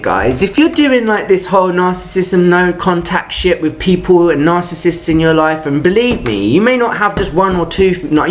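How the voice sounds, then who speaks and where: A vlogger with a mid-range voice goes on an exasperated, profane rant about a personal grievance, talking in stop-start bursts and restarts. There's a little hiss or hum in the recording.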